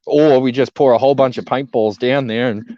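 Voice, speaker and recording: A man's voice: medium pitch, steady tone, moderate pace, warm tone, dry recording, highs cut off. A man with an Australian accent chatting casually as a guest on a live stream, laid-back and laughing often. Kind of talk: casual chat.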